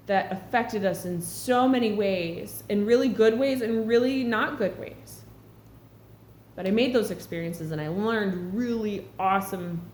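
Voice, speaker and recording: A spiritual vlogger talks to camera earnestly and reflectively in a casual style, her mid-range voice carrying a darkish tone. The room is echoey, with a faint hum in the background.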